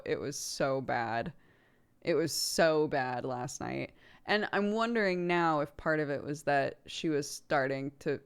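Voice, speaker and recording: Young adult woman, casual streamer host, chatty and rambling, smooth tone. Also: very deep voice. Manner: chatty, rambling with fillers, laughs often.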